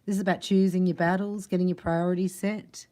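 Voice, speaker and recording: Mellow-voiced woman giving a chatty tarot reading. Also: fairly low pitch, level tone, fairly quick. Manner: chatty, laughs often, acts out other voices. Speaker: tarot reader. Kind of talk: casual spiritual tarot reading.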